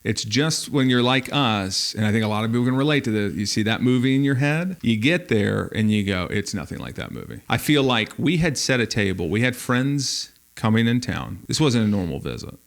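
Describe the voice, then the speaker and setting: A man's voice: medium pitch, moderate pace, hardly any pauses. A man co-hosting a podcast, chatting casually and jokingly and telling stories with playful energy. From Florida. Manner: playful, jokey, animated storytelling. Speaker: podcast co-host. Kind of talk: casual comedic chat.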